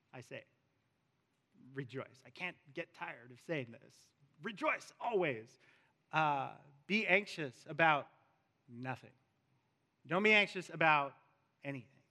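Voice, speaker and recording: A male pastor preaching a sermon in a church, slow and emphatic, repeating key words for weight. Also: a little high, a bit bright. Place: church sanctuary with a screen. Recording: long reverb of a large hall.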